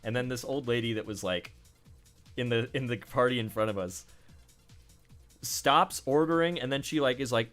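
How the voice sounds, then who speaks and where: A man streaming a game and telling a story in a casual, animated way, often breaking into laughter. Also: mid-range voice, fairly quick, faint music behind. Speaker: streamer playing games. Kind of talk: casual chat while gaming.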